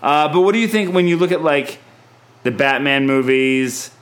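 Chatty man thinking out loud. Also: a little high, lively intonation, moderate pace. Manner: chatty, thinks aloud with restarts. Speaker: podcast host, film reviewer. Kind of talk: casual film review chat.

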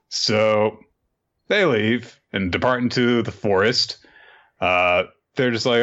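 A man's voice: fairly low pitch, takes it slowly, muffled recording. A man co-hosting a podcast, casually and animatedly recapping a manga and acting out its scenes. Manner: animated storyteller, acts out the scenes. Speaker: podcast co-host.

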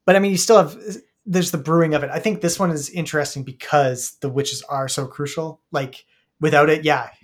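A man's voice: on the high side, fairly even intonation, fairly quick. A man co-hosting a podcast, chatting casually in an easygoing, agreeable way. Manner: easygoing, agreeable, lots of "yeah". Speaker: podcast co-host. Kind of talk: casual chat.

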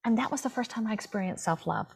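A woman's voice: fairly high pitch, lively intonation, fast talker, vocal fry, husky. Emphatic heartfelt woman storyteller. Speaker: guest. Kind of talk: casual interview chat.

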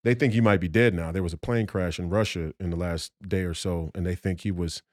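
A man's voice: sits low, fairly even intonation, brisk, a little mellow, no echo, studio quality. Profane, combative man ranting. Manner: profane, combative, emphatic with repeated restarts. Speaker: podcast guest. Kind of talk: heated conversational rant.

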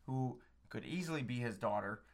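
A man's voice: mid-range voice, expressive, fairly quick. A man in casual chat, laid-back and wry in his banter.

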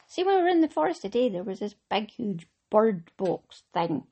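A woman's voice: mid-range voice, very animated, moderate pace, mellow, husky. A middle-aged Scottish woman hosting a knitting podcast, talking in a chatty, rambling way with frequent laughs. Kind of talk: casual chat.

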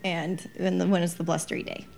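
A woman co-hosting a podcast, running a quiz game in a brisk and teasing way. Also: lowish voice, little pitch movement, gravelly, darkish tone, faint music behind. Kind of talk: casual chat, quiz game.

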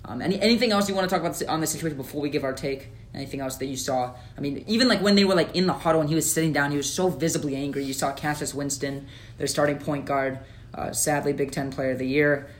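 A man co-hosting a casual sports podcast, opinionated and animated, with lots of fillers. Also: a little high, fast talker. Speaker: podcast co-host.

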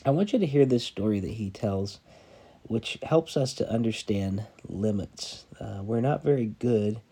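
A man hosting a podcast who introduces a book and then reads a story aloud in an unhurried, reflective way, with a husky voice. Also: lowish voice, warm tone. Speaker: podcast host.

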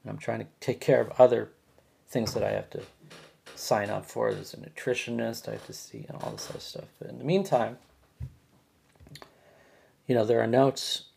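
A man's voice: mid-range voice, animated, normal speed, gravelly, pauses often, darkish tone, a little hiss or hum. A man hosting his own show, telling a personal grievance story in a rambling way, with many restarts and repeated words. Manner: agitated, complaining. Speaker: podcast host.

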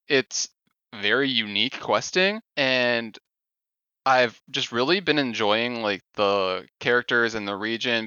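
Brief: crisp, bright male podcaster, dry and slightly dull mic, easygoing recap. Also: medium pitch, no echo. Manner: relaxed, rambling, filler-heavy recap. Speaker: podcast co-host. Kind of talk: casual gaming podcast chat.

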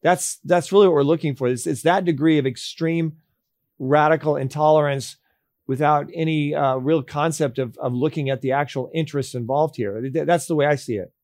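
A man hosting a legal interview, speaking deliberately, with frequent fillers and repeated words. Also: on the high side, steady tone, a little mellow, no room sound, studio quality. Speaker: host. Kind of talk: interview questions and commentary.

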